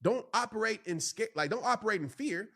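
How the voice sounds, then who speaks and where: A man delivers a motivational podcast monologue in a fairly high voice that rattles along at a quick clip. He preaches with emphasis, repeating lines for weight and talking straight to his listeners. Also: animated, creaky, bright, forceful tone. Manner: emphatic, repeats phrases for stress, preacher-like cadence; addresses listeners directly as "y'all" and "bro". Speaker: podcast host and motivational speaker.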